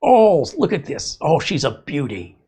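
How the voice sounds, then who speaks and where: A man putting on an excitable Australian wildlife presenter, exclaiming in a high, drawn-out voice. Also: breathy edge, exaggerated voice. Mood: awed.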